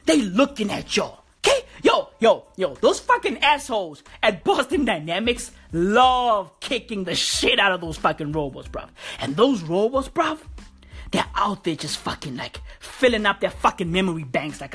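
A woman's voice: mid-range voice, big pitch swings, moderate pace, husky, soft background music. Swearing woman's comedy rant. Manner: loud, swearing, mocking, full of slang.

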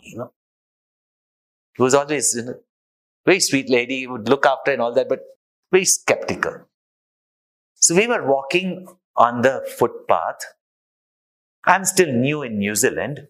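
A man's voice: mid-range voice, very animated, normal speed, pauses often, fairly bright tone, low-quality recording. A man, a spiritual teacher, telling an anecdote in a sermon and drawing a moral from it. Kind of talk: sermon storytelling.

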